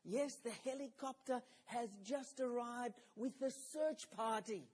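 A man voicing a mischievous little boy in a whispered role-play, hushed and sly. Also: extremely high pitch, rapid-fire, slight background noise, full character voice.

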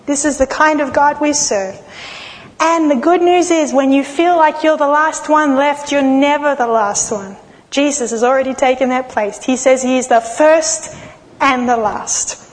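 High-voiced woman preaching in a reverberant hall. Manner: expressive storytelling with dramatic pauses. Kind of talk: sermon. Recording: long reverb of a large hall.

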